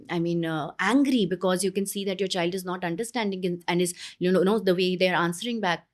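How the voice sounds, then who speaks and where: A woman with an Indian English accent talks through parenting advice in an interview. She is earnest and explanatory, with bursts of animation when she acts out scenes from home. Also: lowish voice. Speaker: parenting guest expert.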